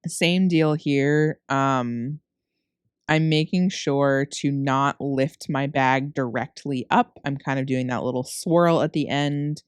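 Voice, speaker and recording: A very deep, steady female voice, slow and clean, recorded dry on a close mic with studio quality. She narrates her cookie decorating tutorial as a loose, rambling voice-over, tired from recording late at night. She's chatty, corrects herself, and laughs at her own slips.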